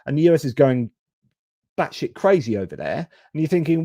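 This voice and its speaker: A man hosts a live-stream news commentary in a frank, exasperated way, swearing casually. His voice is mellow and warm, and it sounds dry and close. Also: on the high side, sing-song, brisk, no room sound. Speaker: host.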